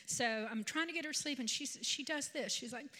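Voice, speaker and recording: Woman preacher in her 50s, bright tone, conversational sermon delivery. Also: high-pitched, brisk. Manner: conversational, animated storytelling with asides. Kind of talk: sermon with personal storytelling.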